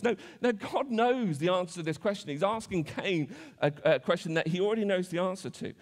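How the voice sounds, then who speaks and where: A man's voice: sits high, brisk. A man preaching a conversational sermon in church, with frequent restarts and self-deprecating asides. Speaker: pastor. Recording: church hall reverb.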